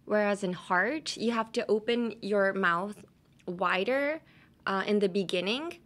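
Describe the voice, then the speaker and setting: Speaking at an unhurried pace, this young woman has a mid-range, fairly bright voice. On her podcast she playfully and casually teaches English pronunciation, laughing frequently, mixing in Japanese, and addressing a camera.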